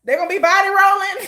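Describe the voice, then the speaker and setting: A woman hosting a casual livestream, animated and slangy, laughing often. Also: high voice. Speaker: livestream host.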